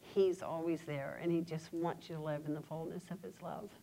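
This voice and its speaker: A woman giving a personal testimony in church, speaking earnestly with pauses and fillers. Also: sits low, fairly even intonation, gravelly, heavy background noise. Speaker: church member sharing testimony.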